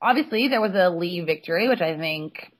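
A young woman with a husky, slightly low voice, co-hosting a podcast in casual chat. She teases playfully and jumps in with quick questions. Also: animated. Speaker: podcast co-host.

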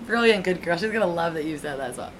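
A woman co-hosting a podcast, chatting casually in a teasing, lively way. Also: lowish voice. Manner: teasing, lively, quick laughs. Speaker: podcast co-host. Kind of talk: casual chat. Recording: faint background noise.

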